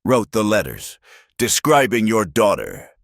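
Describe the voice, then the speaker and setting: A man reading a Western story voicing a stern, quiet frontier husband and father. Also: lowish voice, huge pitch swings, measured pace, creaky, dry recording, studio quality, pitched above the performer's own voice, heavily acted. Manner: quiet, firm.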